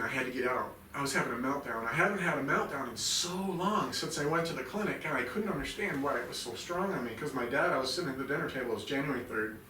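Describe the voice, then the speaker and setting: A man in his fifties tells a raw personal story in a bright, forceful voice, intense and profane, swinging from low murmurs to loud outbursts. He sits back from the mic, so his voice sounds distant in a roomy, echoing space with a faint hum behind it. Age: 50s. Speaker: podcast guest, military veteran.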